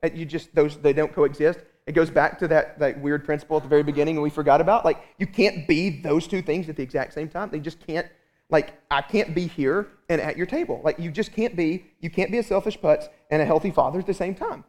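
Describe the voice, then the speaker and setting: A man in his thirties preaching a sermon as pastor, telling a family story with lively, animated asides. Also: fairly high pitch, fairly quick. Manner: animated storytelling, acts out his own exasperation.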